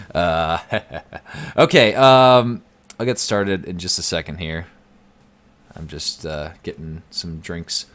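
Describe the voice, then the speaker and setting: A young man streaming live from home, chatting casually and reading out the chat. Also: deep voice.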